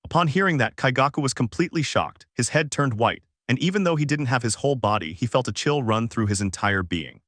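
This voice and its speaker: A man's voice: medium pitch, expressive, brisk, hardly any pauses, fairly bright tone, dry recording. Man reading fan fiction, dry close sound. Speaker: fanfic narrator. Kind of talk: scripted narration.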